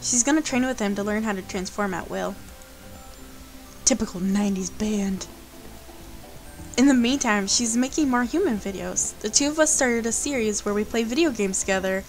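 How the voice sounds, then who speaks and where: A woman's voice: mid-range voice, normal speed, soft background music, rough recording. A woman hosting a let's play, reading a visual novel aloud and breaking off for playful, chatty asides.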